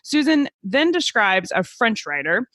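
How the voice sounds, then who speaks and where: A woman's voice: fairly high pitch, sing-song, measured pace, a bit bright, dry recording. A woman from Alabama with a Southern US accent, hosting a podcast interview in a chatty conversational way. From Birmingham, Alabama, southern United States. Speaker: podcast host. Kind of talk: conversational interview, reading quotes from a paper.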